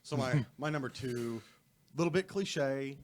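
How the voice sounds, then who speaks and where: A man co-hosting a casual film podcast who talks in a quick, relaxed way. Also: medium pitch. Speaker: podcast co-host.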